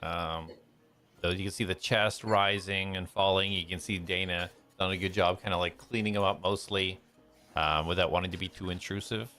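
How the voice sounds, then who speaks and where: A man narrating a tabletop game as game master, relaxed, with many ums and uhs. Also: low-pitched, normal speed, faint music behind.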